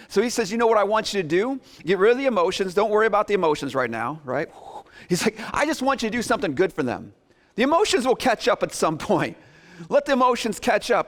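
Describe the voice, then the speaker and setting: A man preaching a sermon as pastor, animated, acting out his listeners' reactions in quick asides. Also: sits high.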